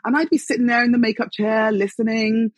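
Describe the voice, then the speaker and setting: A British woman, a guest actress, chatting in an interview and telling lively stories with frequent laughter. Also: a little high, a little fast, dry recording. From Britain. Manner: lively storyteller, laughs often. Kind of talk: casual interview chat.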